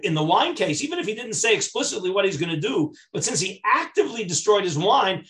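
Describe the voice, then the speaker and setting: A rabbi with a fairly high voice leads a Talmud class. He reads the text aloud, then walks through it point by point in English. He grows animated when stressing a point and keeps checking that the class is following. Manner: explains step by step and checks in with the class; mixes Aramaic text reading with English explanation. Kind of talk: Talmud study lecture.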